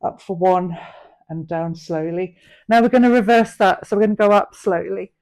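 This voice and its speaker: A woman's voice: medium pitch, moderate pace, darkish tone. A middle-aged woman leading a live online workout class, cueing each rep and posture in an encouraging, practical way. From England. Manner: encouraging, cueing reps and form. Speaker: fitness instructor.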